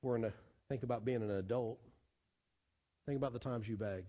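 A pastor, preaching a sermon in animated style with pleading repetitions. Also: male voice, medium pitch, brisk, lo-fi sound. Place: church sanctuary. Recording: long church hall reverb.

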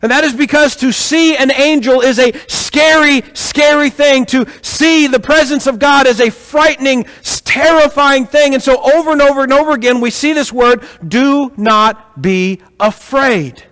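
A man preaching a sermon to a congregation, telling stories with rhetorical questions in an animated way. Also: very high-pitched, normal speed, hardly any pauses. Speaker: pastor. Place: church hall with congregation. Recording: echoey hall.

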